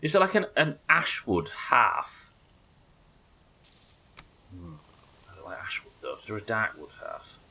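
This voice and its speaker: A man's voice: lowish voice, wildly swooping pitch, measured pace, creaky, pauses often, bright, forceful tone, slightly rough. A British man giving casual, chatty, sweary commentary while he plays and builds in a game. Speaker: game streamer. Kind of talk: casual let's-play commentary.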